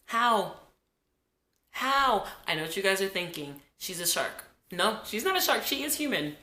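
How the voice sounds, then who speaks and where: A woman in her twenties from New Jersey, telling a childhood story to her viewers in an animated, chatty way while getting over a cold. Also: mid-range voice, a little slow, a little hiss or hum. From New Jersey, USA. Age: 20s. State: has a cold. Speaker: vlogger. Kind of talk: casual storytime vlog. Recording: echoey room.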